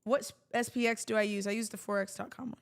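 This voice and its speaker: A woman's voice: mid-range voice, steady tone, fast, vocal fry, clear, resonant tone. Woman on a livestream, just chatting to chat, rambly and jokey, regular mid voice. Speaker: livestream host.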